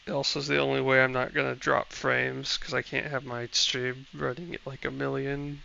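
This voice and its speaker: A man with a strongly gravelly, crackling voice mutters offhand comments to himself while playing a game. His tone is bright and edged. The sound comes through a dull, lo-fi headset mic with a faint hiss behind it. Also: mid-range voice, flat delivery, normal speed. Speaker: gamer streaming a playthrough. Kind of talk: casual gameplay commentary.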